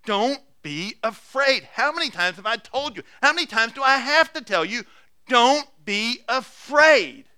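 An impatient, scolding Jesus, as a pastor puts him on rebukes in a raised, exasperated voice. The tone jumps well above the preacher's usual pitch and stays sharp and bright. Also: male voice, expressive, measured pace, clear, resonant tone, full character voice.

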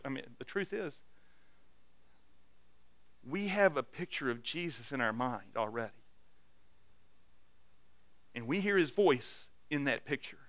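Bright-voiced preacher, dry close sound. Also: male voice, fairly high pitch, no room sound. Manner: earnest, swings between loud urging and quiet intimacy, frequent restarts. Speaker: pastor. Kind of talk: sermon.

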